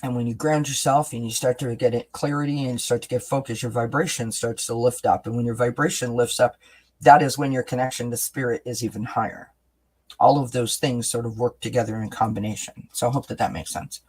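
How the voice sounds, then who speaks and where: Gentle, chatty man giving a card reading. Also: medium pitch, steady tone, a little fast, breathy edge. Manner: gentle, chatty, reassuring, many "right?" and "you know" tags. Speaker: oracle card reader and host. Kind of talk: live-stream spiritual reading, answering chat.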